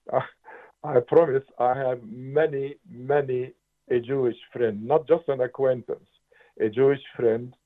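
A man in his seventies from Palestine, speaking as a guest in a radio interview in an impassioned, emphatic way. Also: mid-range voice. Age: 70s. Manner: impassioned, emphatic, occasional restarts. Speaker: interview guest, writer and political analyst. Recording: tinny phone-like radio line.

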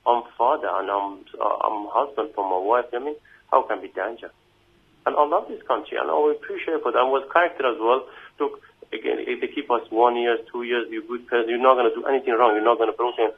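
A man whose first language is not English, speaking in a halting, emotional way on a phone interview, with many restarts and repeated "you know what I mean". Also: medium pitch, husky. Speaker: immigration detainee giving an interview. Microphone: phone call. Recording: tinny phone line.

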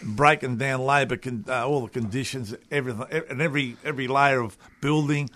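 A man's voice: mid-range voice, fairly even intonation, fairly quick, fairly bright tone. Australian man teasing on live radio. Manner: teasing, ribbing, broad slang. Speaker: radio host.

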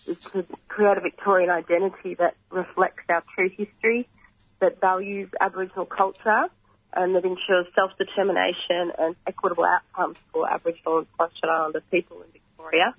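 Australian man, croaky, high-pitched, flat and measured delivery; phone-line guest for a radio interview. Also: dry recording. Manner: earnest, measured, frequent pauses and throat clearing. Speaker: reconciliation organisation representative. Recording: tinny phone line, dry.

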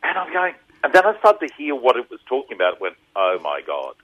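A man in his fifties with an Australian accent, a radio guest who tells stories in an animated way. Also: medium pitch, a little fast, highs cut off. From Rockhampton, Queensland, Australia. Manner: animated storyteller. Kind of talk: casual radio interview.

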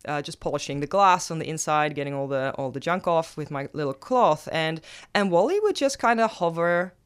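Woman guest, smooth, clear tone, animated and rambling, casual storytelling. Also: a little fast. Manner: animated, lots of fillers and laughs, pitch jumps when excited. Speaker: former aquarium diver and marine scientist.

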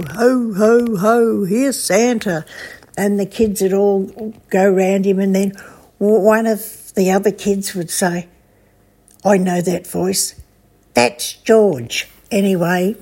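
An older woman with an Australian accent giving a spoken memorial tribute, telling stories warmly with a few hesitations. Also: mid-range voice. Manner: warm storytelling with hesitations.

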